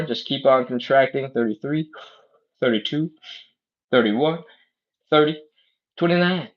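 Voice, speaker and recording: A man leading a live stretching class, counting down reps, coaching and joking, with sighs between sets. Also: fairly high pitch. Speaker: fitness instructor. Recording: slightly dull lo-fi stream audio.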